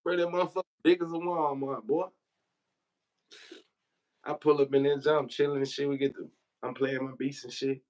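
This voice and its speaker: A man's voice: mid-range voice, little pitch movement, moderate pace, long pauses, a little mellow, low-quality recording. A man from Memphis, telling loose, profane stories on a livestream and laughing as he goes. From Memphis, Tennessee. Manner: profane, laughing, slangy storyteller. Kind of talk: casual storytelling on a livestream.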